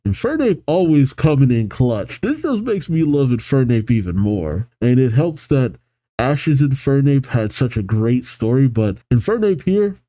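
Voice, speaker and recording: A man reads comic panels aloud and reacts between them, getting excited about the characters. His voice is very dark and mellow. The recording is dry and close, with no room sound. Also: medium pitch, unhurried, no echo, low-quality recording. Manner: animated, reads character lines with excitement, laughs often. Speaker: manga reaction host. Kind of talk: reading aloud with commentary.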